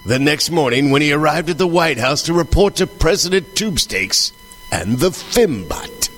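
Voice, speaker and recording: A man narrating a scripted comedy sketch in a deadpan, matter-of-fact way. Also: fairly high pitch, moderate pace, soft background music.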